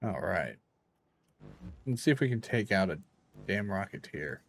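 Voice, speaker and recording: A man's voice: low voice, big pitch swings, a little slow. A man streaming a game, tired and rambling to himself in casual commentary as he plays. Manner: rambling, talks to himself while playing. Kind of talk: casual live gameplay commentary.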